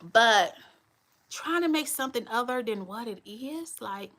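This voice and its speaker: Blunt woman livestream host, bright voice. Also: a little high, expressive, unhurried. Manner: candid, blunt, talks straight to viewers. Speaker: channel host. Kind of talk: live-stream chat.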